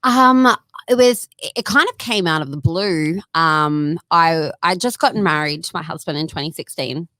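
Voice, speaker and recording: A woman's voice: low-pitched, normal speed, a bit bright, no echo. A young woman guest talking casually in a studio interview, chatty with lots of fillers and laughs.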